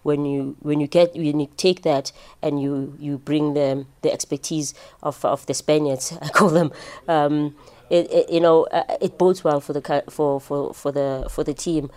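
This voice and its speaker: A South African woman who works for a football club, answering interview questions in a halting way with many restarts. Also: low voice, steady tone, a little mellow. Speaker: club staff member.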